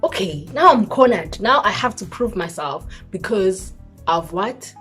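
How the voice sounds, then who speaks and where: A young South African woman vlogger telling a personal story in an expressive voice, mixing in isiZulu words. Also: medium pitch, measured pace, breathy edge, soft background music. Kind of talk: storytime vlog.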